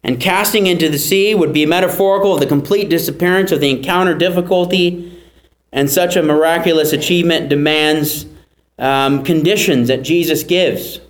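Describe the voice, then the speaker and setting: A man's voice: on the high side, normal speed, reverberant, low-quality recording. A man preaching a sermon, earnestly teaching and repeating key phrases for emphasis. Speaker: pastor.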